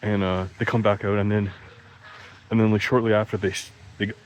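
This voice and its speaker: Lowish voiced dude rambling, like like like, cussing, cracks himself up, bit of hiss in the back. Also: male voice, level tone, brisk, rough recording. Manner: rambling, heavy on "like" and restarts, laughs at own jokes; swearing freely, voice jumps up when quoting himself. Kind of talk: casual storytelling monologue.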